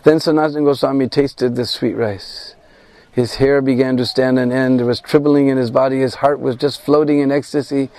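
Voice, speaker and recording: A man guiding a pilgrimage, telling a devotional story in an animated way and acting out the quoted voices. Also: medium pitch, normal speed, no echo. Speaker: pilgrimage guide and devotional speaker. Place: at a shrine on pilgrimage.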